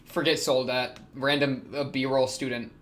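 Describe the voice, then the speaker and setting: A young man, reacting to an anime episode in casual commentary, excitable, laughing often and talking back to the characters. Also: medium pitch, measured pace, a little hiss or hum.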